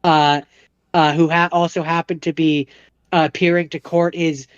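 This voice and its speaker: A man's voice: on the high side, clean tone, no room sound, highs cut off. Chatty man retelling a movie plot. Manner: animated retelling, acting out characters in quick impressions. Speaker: podcast co-host.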